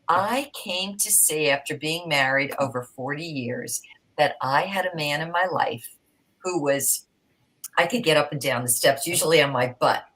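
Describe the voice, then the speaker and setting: A woman's voice: sits low, fairly bright tone, rough recording. A middle-aged woman telling a heartfelt personal story as a podcast panel guest, growing emotional and sometimes dropping to a whisper.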